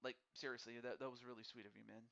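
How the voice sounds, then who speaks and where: Speaking rapid-fire with little pitch movement, this man has a medium, creaky, slightly bright voice. He's running a live wrestling game stream, friendly and chatty, talking straight to his viewers and often stumbling over and repeating words as he thinks. Audio quality is dull and lo-fi.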